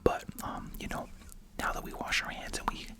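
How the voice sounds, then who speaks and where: An ASMR host whispering a chatty, wry commentary while chewing gum, full of asides and rhetorical questions. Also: moderate pace.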